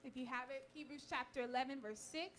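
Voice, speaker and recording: A woman's voice: high voice, fairly even intonation, slight background noise. A young woman preaching at church, reading scripture aloud and thanking those in the room. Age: young adult. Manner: fervent tearful prayer, then warm measured preaching. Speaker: youth speaker at church. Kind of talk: sermon. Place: church sanctuary.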